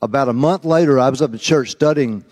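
A man preaching, telling a folksy, animated story and rising high when quoting others. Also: fast talker. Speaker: pastor. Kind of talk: sermon storytelling. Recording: long hall reverb.

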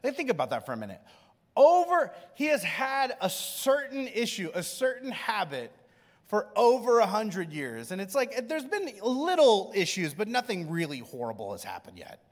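A man preaching a sermon in a conversational way, going from hushed to loud. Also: sits high, huge pitch swings, moderate pace. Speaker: pastor. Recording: long reverb in a large hall.

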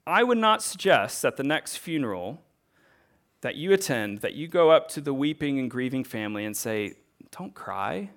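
A man's voice: mid-range voice, expressive, moderate pace, fairly bright tone. A man in his thirties giving a sermon as a pastor, earnest and conversational, asking rhetorical questions.

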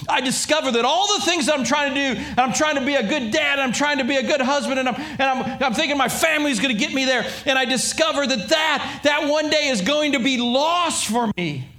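A middle-aged male pastor preaching a sermon in an animated way, acting out voices and often repeating himself. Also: very high voice, brisk, hardly any pauses.

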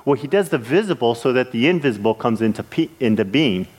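A man preaching a sermon in an earnest way, with halting restarts, his voice rising when he retells scripture scenes. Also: medium pitch, expressive, darkish tone, slightly rough.

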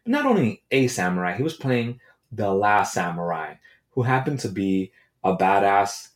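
A man hosting his own podcast in a casual, irreverent monologue, joking and swearing with quick asides. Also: lowish voice, sing-song. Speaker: podcast host.

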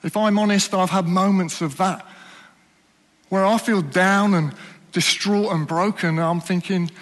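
High-voiced earnest male preacher. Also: steady tone, big-room sound. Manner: earnest, questioning, drops to soft slow emphasis. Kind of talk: sermon.

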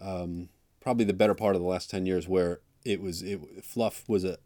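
Low-voiced joking podcast co-host man. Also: steady tone, brisk, mellow, no echo. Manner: joking, rambling, mock-outraged. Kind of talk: casual chat.

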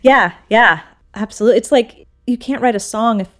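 A woman sculptor talking in a casual interview, telling stories in an animated way and acting out what others said. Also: on the high side, brisk. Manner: animated storytelling, acts out quoted voices. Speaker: sculptor, guest.

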